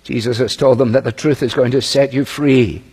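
A man's voice: medium pitch, steady tone, moderate pace, darkish tone, breathy edge. A man preaching a sermon, reading scripture aloud and commenting on it in a conversational way. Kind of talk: sermon, expository Bible teaching. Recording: long reverb of a large hall.

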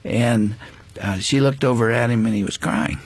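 Telling a personal story as a guest on a faith interview show, an older man speaks earnestly and reflectively, frequently pausing and starting over. The voice is husky and medium in pitch.

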